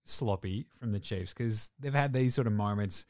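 A man's voice: on the low side, normal speed, a little mellow, no echo, studio quality. A man hosting a casual sports podcast, laid-back, laughing and swearing as he recaps games. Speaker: podcast host.

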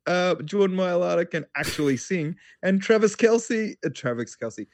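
A man's voice: high voice, animated, normal speed, a little mellow, no echo. An Australian man co-hosting a sports podcast, laid-back and wry, swearing casually. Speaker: podcast co-host.

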